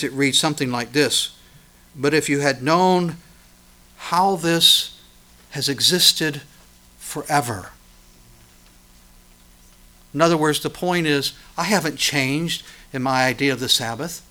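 A man preaching a sermon, swinging from loud emphatic lines to quiet, intense ones. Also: fairly high pitch. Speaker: pastor.

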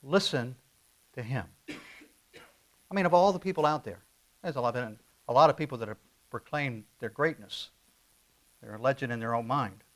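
A middle-aged male pastor preaching a sermon, swinging from loud stressed phrases down to quiet asides. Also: normal speed, pauses often. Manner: emphatic, rising to loud stresses then dropping low.

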